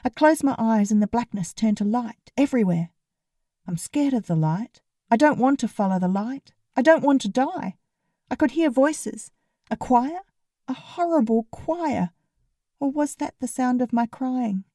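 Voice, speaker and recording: Wry, fairly high-voiced female narrator. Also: animated, unhurried, mellow, no echo, studio quality. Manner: wry and sarcastic. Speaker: audiobook narrator. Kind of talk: first-person comic novel narration.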